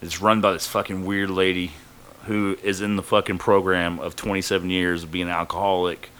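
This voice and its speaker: A man's voice: deep voice, flat delivery, fairly quick, a bit bright, a little hiss or hum. A man casually telling a rambling, profane story from his own life on a podcast, full of fillers.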